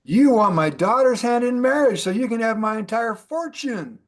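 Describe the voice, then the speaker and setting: A man's voice: extremely high pitch, lively intonation, normal speed, voice pushed up. A man doing a folksy old oil tycoon.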